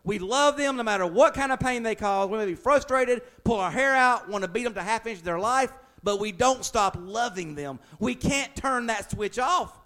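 High-voiced pastor preaching. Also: male voice, lively intonation, normal speed, few pauses, fairly bright tone. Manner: conversational, building to emphatic raised passages. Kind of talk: sermon.

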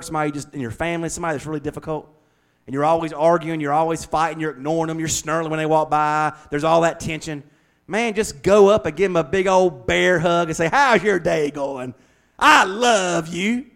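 A man preaching a sermon as pastor, folksy and conversational, speeding up and slowing down as he goes. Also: fairly high pitch. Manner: folksy, conversational preaching with shifting pace and volume.

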